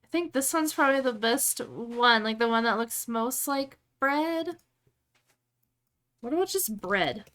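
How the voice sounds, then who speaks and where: A woman's voice: on the high side, expressive, a little slow, a bit bright. A woman chatting casually on a live stream, rambling and thinking aloud as she works.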